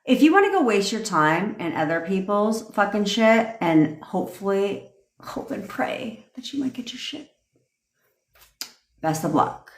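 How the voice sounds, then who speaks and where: A woman's voice: medium pitch, big pitch swings, a little slow. A woman manifestation coach ranting on a livestream, blunt and profane, cheering on viewer comments as she talks. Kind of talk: livestream rant. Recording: roomy echoey room.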